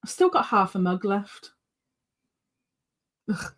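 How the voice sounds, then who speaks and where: A woman's voice: mid-range voice, sing-song, slow, a bit bright. Chatty British woman rambling on stream. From Britain. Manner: chatty, rambling with fillers and restarts; coos baby-talk at her pet. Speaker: yarn channel host. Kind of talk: casual live-stream chat.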